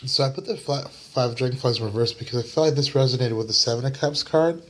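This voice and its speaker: Recorded on a camera mic with a bit of hiss or hum, a weary young man from the US talks fast at a medium pitch through his casual weekly tarot reading. He rambles with fillers, yawns, and keeps apologizing for yawning.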